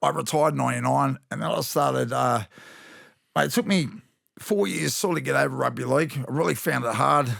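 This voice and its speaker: A man's voice: mid-range voice, a little fast, creaky, a bit bright, dry recording, clean studio sound. An Australian former rugby league player in his fifties, telling rambling, blokey stories with slang on a podcast. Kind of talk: casual storytelling chat.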